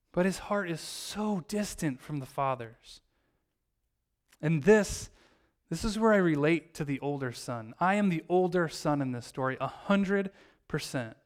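Preaching his sermon in a smooth, fairly high-pitched voice, the pastor tells a story and performs the characters' lines with lively changes in delivery.

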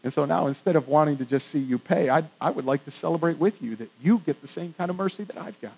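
A man with a high voice preaches a sermon in a church, talking in a casual, conversational way. He drops to a hush for reflective points and rises to loud emphasis when he drives a point home. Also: fast talker, vocal fry, breathy edge, poor audio. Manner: conversational, swings from hushed to emphatic. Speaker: pastor. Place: church with congregation.

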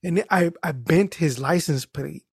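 Animated, profane man. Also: fairly high pitch, moderate pace, vocal fry, husky, dry recording, studio quality. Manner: animated, profane, acts out the people in his stories. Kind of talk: casual storytelling chat.

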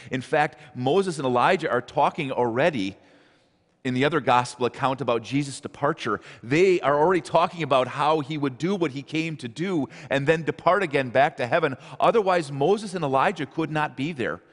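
A man's voice: on the high side, moderate pace, in a large hall. A man preaching a sermon, earnestly repeating his exhortations. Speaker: pastor.

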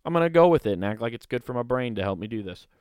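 A man's voice: medium pitch, animated, racing, a little mellow, clean tone, no echo, studio quality. A young man vlogging in a casual, rambling, jokey way, riffing into comic bits. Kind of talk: casual comedic commentary.

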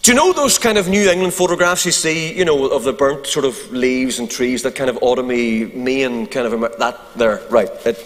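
A man with a Northern Irish accent, a pastor telling a funny story to a congregation in an animated, joking way. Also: mid-range voice, normal speed, few pauses, long reverb tail. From Northern Ireland. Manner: animated, humorous anecdote with asides to the crowd. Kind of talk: sermon storytelling.

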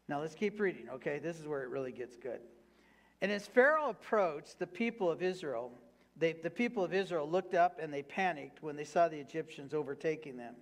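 A man pastor preaching a sermon, reading scripture aloud and urging the congregation to repeat lines back to him. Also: fairly high pitch. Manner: preaching with call-and-response prompts to the congregation; reads scripture aloud, then applies it with fervent repetition.

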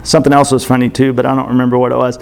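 A man in his thirties preaching, reading scripture and then talking about it in a relaxed, chatty way with lots of filler words. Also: medium pitch, very fast, creaky. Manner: conversational, uses fillers like 'like' and 'man'. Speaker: pastor. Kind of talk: scripture reading and casual sermon commentary.

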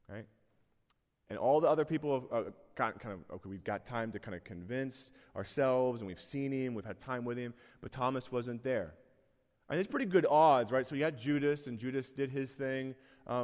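A man's voice: mid-range voice, darkish tone. Man preaching with earnest, rising emphasis. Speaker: pastor. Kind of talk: sermon. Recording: long hall reverb.

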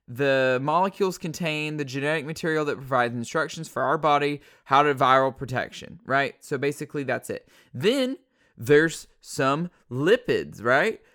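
A man's voice: medium pitch, a bit bright. A man ranting casually in a rambling, profane and sarcastic way, full of fillers. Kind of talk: casual unscripted rant.

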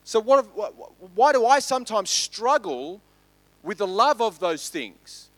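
Aussie pastor animated sermon delivery, lively pitch, slightly high male voice. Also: unhurried, no room sound, low-quality recording. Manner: animated, swings from loud to hushed.

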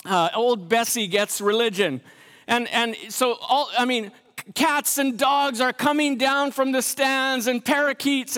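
Speaking at an unhurried pace, a pastor with a very high-pitched male voice delivers a humorous sermon as a story. He stumbles through frequent restarts and suddenly drops to a hush for dramatic effect, while a long reverb makes it sound like he's in a large hall.

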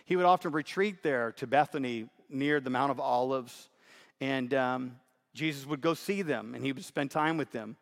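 A man's voice: medium pitch, normal speed, creaky. Man preaching in a reverberant hall. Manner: conversational, repeats himself, emphatic. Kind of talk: sermon.

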